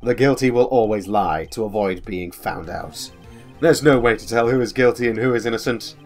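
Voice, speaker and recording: A man's voice: fairly low pitch, moderate pace, faint music behind, natural voice. A man voicing a cold, ruthless male prosecutor. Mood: menacing.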